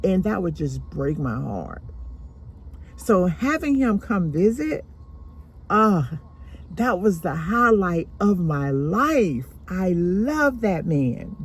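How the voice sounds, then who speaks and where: A woman slowly and deliberately telling a painful personal story from her childhood. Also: lowish voice, very animated, breathy edge. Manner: slow, deliberate, emotional retelling.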